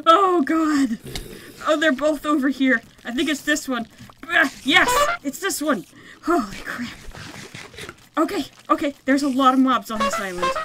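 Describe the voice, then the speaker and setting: A woman giving excitable, yelping play-by-play commentary on a survival game session, often laughing at her own bad plan. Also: sits high, background noise. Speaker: gaming video creator. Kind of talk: Minecraft let's play commentary.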